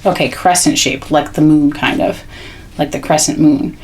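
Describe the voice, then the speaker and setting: A woman's voice: deep voice, steady tone, a little mellow. A woman teaching parents how to read aloud to children, chatty and explanatory with frequent "um" and "okay?" check-ins. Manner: reads sample text slowly with stressed words. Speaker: literacy educator. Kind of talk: instructional video demonstrating read-alouds.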